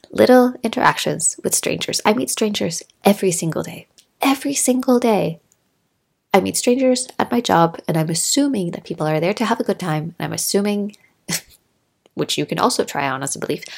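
A woman in her thirties hosting a solo podcast, talking in a chatty, animated way and acting out little quotes as she tells stories. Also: mid-range voice, creaky. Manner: chatty, animated storytelling with laughs and acted-out quotes. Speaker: podcast host. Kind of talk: casual solo podcast monologue. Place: Norway.

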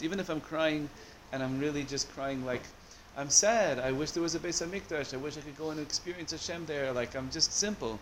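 Animated man teaching a Torah class. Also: fairly high pitch, brisk, few pauses, a little hiss or hum. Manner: animated, searching for words with many restarts.

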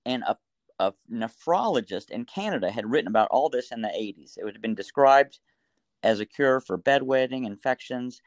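A middle-aged man, a doctor talking through a story and advice in a casual interview, animated, with frequent restarts. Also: mid-range voice, moderate pace, dry recording. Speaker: pediatric doctor guest.

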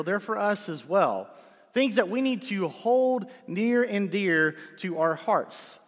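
Male pastor, slightly higher voice, conversational sermon delivery, long church reverb. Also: bright, forceful tone. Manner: conversational preaching with rhetorical "right?" checks. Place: church sanctuary.

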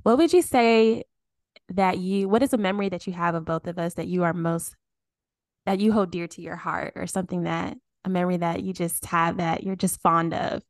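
A woman's voice: on the low side, steady tone, normal speed, no echo, clean studio sound. A young woman co-hosting a podcast, talking in a casual, reflective way with many restarts and small laughs. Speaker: podcast co-host. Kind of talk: casual chat.

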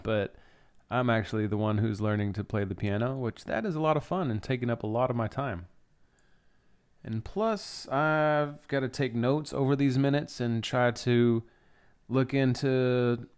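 A man's voice: mid-range voice, clear, resonant tone. A young adult man hosting a podcast, recapping a film scene by scene in a chatty, enthusiastic way and swearing freely. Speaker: podcast host.

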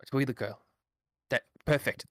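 A player voicing a character in a tabletop role-playing game, excitable and talking in quick bursts. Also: mid-range voice.

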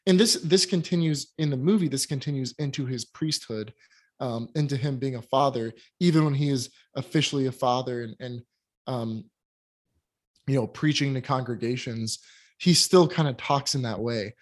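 A man's voice: medium pitch, moderate pace. A man co-hosting a casual film review chat, giving candid and critical opinions with plenty of hesitations and restarts. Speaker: podcast co-host reviewing films.

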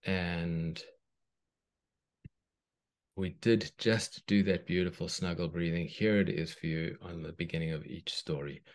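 A man, a children's book author, reading a bedtime story aloud in a gentle, unhurried way. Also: low-pitched, steady tone.

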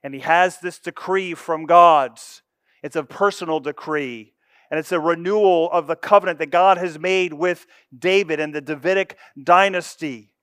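Man preaching a lively sermon. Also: on the high side, moderate pace, smooth, no echo, clean studio sound. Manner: expressive preaching, swings between loud emphasis and hushed asides. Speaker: pastor.

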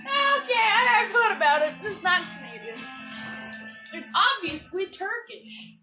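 A woman chats casually on a podcast, needling her co-host and laughing easily. Her voice sits very high and swoops around a lot. Clear music plays underneath. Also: very animated, a little slow, pushed and bright. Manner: teasing, goading, laughs easily. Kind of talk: casual chat.

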